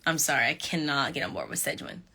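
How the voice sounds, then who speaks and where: A woman's voice: low-pitched, fast talker. Sassy young woman chatting on a phone live. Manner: animated, sassy, talks straight to viewers. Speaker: reality show contestant on a live stream. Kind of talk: casual live-stream chat with fans.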